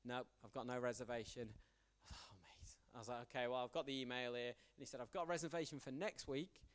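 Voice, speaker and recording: Youth pastor, young man, mid-pitched, casual storytelling sermon, self-deprecating, plays out the dialogue. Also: steady tone, quick pace, clean tone. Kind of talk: conversational sermon with anecdotes.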